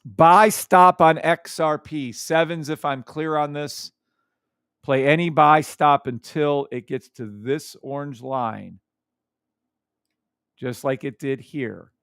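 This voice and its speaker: Male streamer, hyped and teasing, smooth clear voice, dry close mic. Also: a little high, slow, fairly bright tone, no room sound. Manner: hyped, teasing, hums and chats with viewers. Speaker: trading live-stream host. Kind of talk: casual live-stream chart talk.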